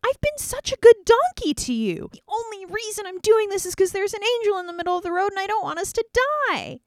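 A high, shrill talking donkey whines its case with wide, swooping pitch , voiced by a woman. The creature sounds loyal and deeply offended. Its voice is sharp and close. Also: animated, brisk, no room sound. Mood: indignant.

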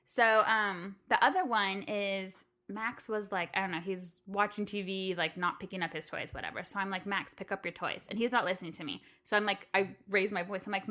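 A woman co-hosting a podcast in casual chat, telling animated stories about her son and acting out his lines. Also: medium pitch, fairly quick, few pauses. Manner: animated storytelling, acts out her toddler's lines. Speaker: podcast co-host.

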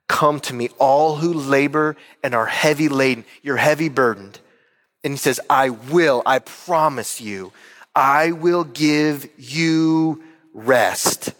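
A man's voice: fairly high pitch, a bit bright, long reverb tail. A man preaching a sermon as pastor, earnest and emphatic, repeating key words for weight. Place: church hall.

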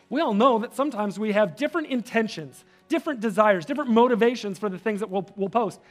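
Pastor guy preaching, pretty high voice, gets loud and fired up then goes soft. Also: quick pace, few pauses, faint music behind. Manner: animated preaching, voice rises when fired up; drops soft and low for prayers. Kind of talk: sermon.

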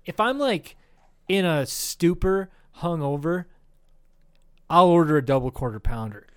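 A man's voice: a little high, animated, a little slow, clear, resonant tone. Profane rambling podcast co-host, man. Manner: rambling, profane, keeps saying dude. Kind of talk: casual chat.

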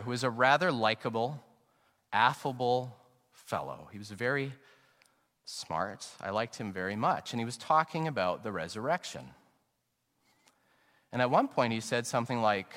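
A middle-aged male pastor preaching an earnest, reflective sermon, slowing down to stress key phrases. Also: medium pitch, lively intonation, a bit bright. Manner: earnest and reflective, anecdotal, slows down for emphasis. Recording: long reverb, sanctuary acoustics.

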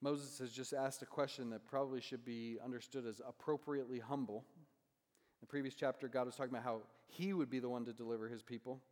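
A male pastor delivers a sermon in a relaxed, conversational manner, tagging his points with a questioning "right?" His voice sits in an ordinary middle register. A long reverb trails behind him, as if he is speaking in a large sanctuary. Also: medium pitch, fairly quick. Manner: conversational, asks "right?" often.

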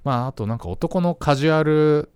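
Animated male lesson host; very fast, dry close recording. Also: fairly high pitch, smooth, no echo. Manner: animated, quick, chatty with frequent laughs. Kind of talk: casual bilingual lesson chat.

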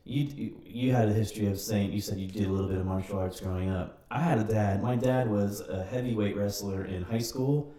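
A man in casual podcast chat, telling rambling, animated stories with swearing. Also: on the low side, fairly quick. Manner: rambling, animated storytelling with cursing. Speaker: podcast participant. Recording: roomy, distant mic with faint ambience.

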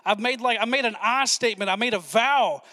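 A male pastor preaching a sermon with excited, fast-talking energy and asides to the congregation. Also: very high voice, long reverb tail.

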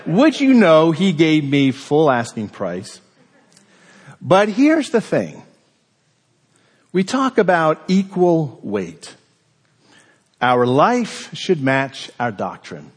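A man preaching a sermon, telling a personal story in an animated, conversational way. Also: on the high side, slow pace, pauses often, breathy edge, long reverb tail. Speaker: pastor.

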